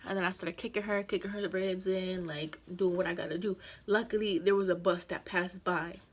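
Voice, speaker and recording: A young adult woman vlogger retelling a story in a chatty, animated way, full of slang and filler words. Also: on the low side, moderate pace. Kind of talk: casual storytime vlog.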